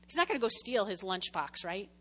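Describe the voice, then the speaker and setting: A woman's voice: mid-range voice, big pitch swings, a little fast, a bit bright. A woman preaching a chatty, conversational sermon, often checking in with her congregation. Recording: long echoing hall reverb.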